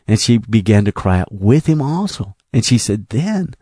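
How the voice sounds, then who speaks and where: A man preaching in a lively, swooping voice, telling a story from the pulpit. His tone is mellow and dark, and the sound is close and dry. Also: medium pitch, fairly quick, hardly any pauses, breathy edge, no room sound. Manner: animated storytelling, quoting others in his own voice. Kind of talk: sermon storytelling.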